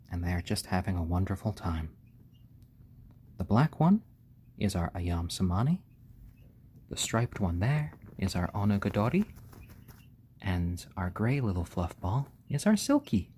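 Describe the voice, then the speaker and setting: Gentle man doting on baby chicks. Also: low voice, very animated, measured pace, long pauses, slight background noise. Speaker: live stream host. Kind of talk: casual live stream chat.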